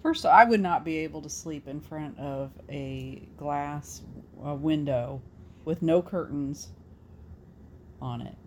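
A woman's voice: sits low, measured pace, darkish tone, slight background noise. A woman co-hosting a casual chat, reacting to stories with groans and disbelief. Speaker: co-host.

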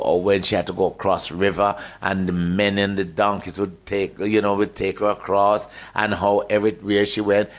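Older Jamaican man, low voice. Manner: lively, laughs often, repeats words. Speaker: interview guest, actor. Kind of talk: storytelling in a radio interview.

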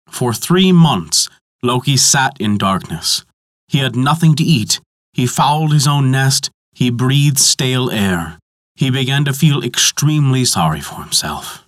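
Man, storyteller, measured dramatic narration, mid pitch, dry close recording. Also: a bit bright, no room sound. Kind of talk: scripted mythology narration.

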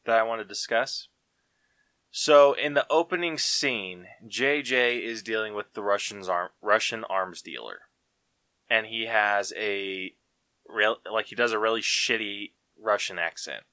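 Male podcast co-host, unhurried slangy rambler, dry close mic. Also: lowish voice, pushed and bright, clean tone, no room sound. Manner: rambling, laid-back, full of fillers and slang. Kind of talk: casual chat.

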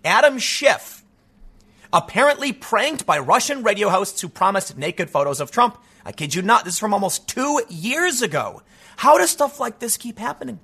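A man in his thirties hosting a casual commentary show, reading news aloud with animated asides and rapid restarts. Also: sits high, husky. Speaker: political commentary host.

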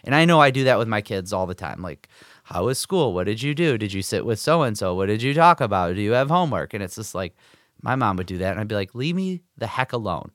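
A man's voice: fairly low pitch, expressive, quick pace, fairly bright tone, no echo, studio quality. A man in his forties co-hosting a podcast, telling stories in a rambling, filler-heavy casual chat. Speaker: podcast co-host.

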